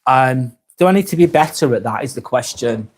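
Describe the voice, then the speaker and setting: A man with a Lancashire accent, hosting a casual live vlog and reading viewers' comments aloud, then answering them in a softer, lower voice. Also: animated, fairly quick. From Darwen, near Blackburn, northern England. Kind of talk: casual live-stream chat.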